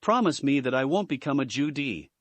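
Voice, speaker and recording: A man's voice: medium pitch, expressive, brisk, no echo, close to an everyday voice. A man reading as a wary young woman. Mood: uneasy.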